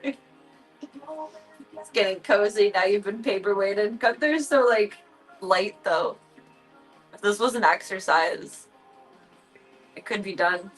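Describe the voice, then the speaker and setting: A woman's voice: medium pitch, animated, takes it slowly, long pauses, faint music behind, poor audio. A woman livestreaming from home, chatting casually and cooing playfully at her cats in baby talk.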